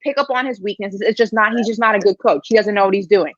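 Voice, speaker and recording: A woman's voice: mid-range voice, fast talker, dry recording, dull audio. A woman arguing emphatically in a heated sports debate, repeating her points. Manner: emphatic, argumentative, repeats herself.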